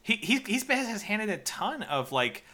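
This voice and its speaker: Bright-voiced excitable podcast guy. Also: sits high, moderate pace. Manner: excitable, laughs often, many filler restarts. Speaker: podcast co-host. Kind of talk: casual chat.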